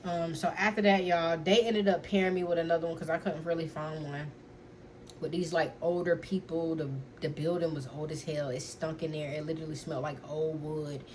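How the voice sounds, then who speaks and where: A woman's voice: low voice, fairly even intonation, a little fast, darkish tone, a little hiss or hum. A young adult woman telling a personal story to her viewers in a casual, chatty way, full of fillers and asides to her audience. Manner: earnest, lecturing when giving advice.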